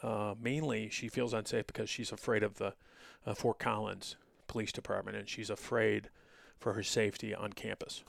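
A man's voice: fairly low pitch, flat delivery, moderate pace, creaky, no echo, studio quality. A middle-aged man hosting a solo podcast, talking in an indignant, sarcastic, lecturing way with frequent fillers. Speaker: podcast host.

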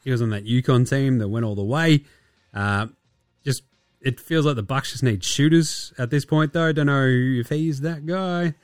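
A man with an Australian accent hosting a casual basketball podcast, sarcastic and profane, often mimicking players in quick asides. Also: mid-range voice, dry recording, studio quality, faint music behind. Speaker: podcast host.

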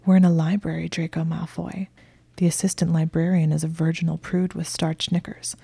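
A woman voicing a sharp-tongued, fiery young witch in whispered role-play, taunting and clipped. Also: sits low, level tone, fairly quick, creaky, breathy edge, no echo, full character voice. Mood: teasing. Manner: taunting, through gritted teeth.

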